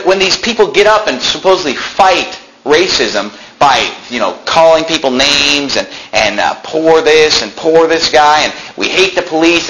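A pastor preaching in a church, speaking in an everyday conversational tone. He keeps breaking into sudden animated bursts and mocking quotations. A faint hiss sits under the recording. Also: mid-range voice, rough recording. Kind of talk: sermon. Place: church sanctuary.

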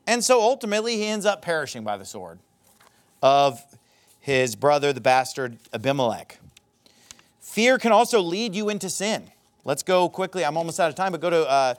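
A pastor preaches a sermon in a high, lively voice, reading scripture and voicing characters' words with mocking, animated emphasis. His pitch climbs and swoops as he drives home each point.

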